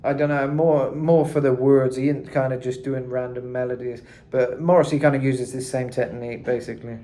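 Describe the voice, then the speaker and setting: A man's voice: medium pitch, fairly even intonation, a little fast, warm tone. A man giving a casual singing tutorial, chatting loosely with lots of fillers and asides. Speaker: vocal coach. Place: hot room indoors.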